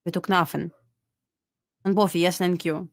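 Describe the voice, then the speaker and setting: A woman with a Russian accent co-hosting a live trading stream, reasoning out loud in halting, casual talk. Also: fairly low pitch, steady tone, dry recording, clean studio sound. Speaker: co-host trader.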